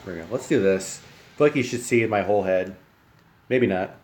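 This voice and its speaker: A man's voice: on the low side, fairly quick, a little mellow, reverberant, slight background noise. A young man chatting casually with his live-stream viewers from his home kitchen, rambling and friendly, sometimes talking with his mouth full.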